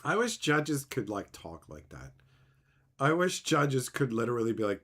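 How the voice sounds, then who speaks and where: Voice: mid-range voice, very animated, unhurried, a bit bright. A streamer reacting to chat in casual talk, sarcastic and mocking, swearing often and laughing between remarks. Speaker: streamer reading chat aloud.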